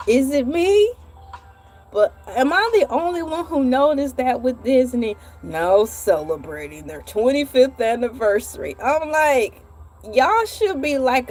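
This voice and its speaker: A woman hosting a vlog, telling a comedic story in an animated, playful way with dramatic asides. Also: on the high side, takes it slowly, soft background music. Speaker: vlog host.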